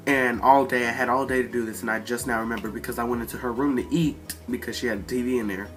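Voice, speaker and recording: A teenage boy telling a storytime vlog rant, profane and animated, acting out the people in his story. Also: medium pitch. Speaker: vlogger.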